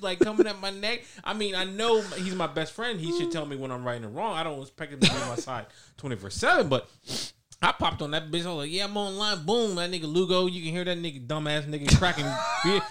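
A man in casual podcast chat, telling a story with profanity and acting out friends' lines. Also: sits high. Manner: animated, profane storytelling with lots of acted-out quotes.

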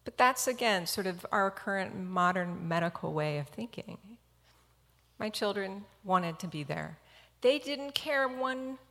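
Earnest woman storyteller, gravelly voice, hall echo. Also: mid-range voice, animated, unhurried, sharp tone. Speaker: physician. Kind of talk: personal storytelling talk.

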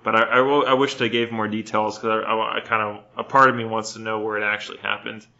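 A man's voice: lowish voice, flat delivery, fast, gravelly, pushed and bright, highs cut off. A man from Houston co-hosting a podcast, ranting in casual banter with heavy swearing. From Houston, Texas. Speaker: podcast co-host.

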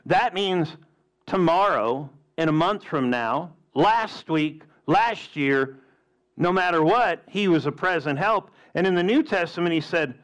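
A man's voice: fairly high pitch, expressive, unhurried, fairly bright tone. A man preaching a sermon with emphatic delivery and rhetorical questions. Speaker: pastor.

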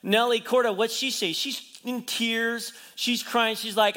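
In a big-sounding room, a pastor preaches with a high, bright, clear voice, acting out the people in a story he retells and asking rhetorical question after rhetorical question. He speaks unhurriedly with fairly even intonation and hardly pauses.

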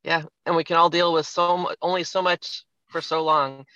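A man with a raised, bright and somewhat tense voice speaks as a podcast guest, his audio a little dull and lo-fi but dry. He talks reflectively, retelling a film scene in detail to make a point in casual conversation. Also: a little high, fairly even intonation, moderate pace, dry recording. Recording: slightly muffled, lo-fi.

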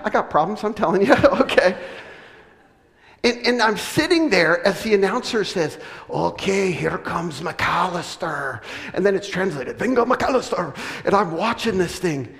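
A middle-aged man from the US West Coast, preaching a sermon and telling a personal story with animated, self-deprecating humor. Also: high voice, moderate pace. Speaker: pastor. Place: church sanctuary. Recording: long reverb of a large church hall.

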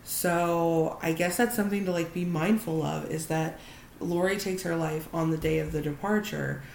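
Woman, podcast co-host, low gravelly voice, casual animated recap, echoey room. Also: normal speed. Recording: echoey room with faint noise.

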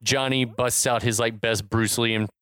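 A man's voice: medium pitch, steady tone, normal speed, a bit bright, clean tone, no echo. A man co-hosting a podcast, recapping a movie in casual chat and rambling with lots of "like.". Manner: rambling recap with many "like" fillers. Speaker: podcast co-host.

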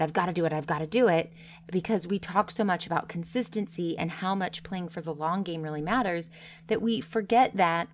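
Casting: woman coach, earnest and conversational, slightly low voice, speaking directly to her followers. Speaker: business coach and content creator. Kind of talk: casual direct-to-camera talk.

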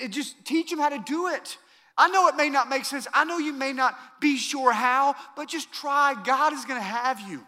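A man in his thirties preaching a sermon, emphatic and repetitive, swinging between loud calls and soft, quiet lines. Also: extremely high pitch, long reverb tail. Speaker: pastor.

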